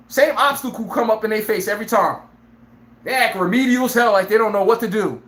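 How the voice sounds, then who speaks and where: Brash, laughing live sports-stream host. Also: male voice, extremely high pitch, fairly quick, reverberant. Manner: brash, animated, laughs often, acts out players' lines. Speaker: sports talk show host.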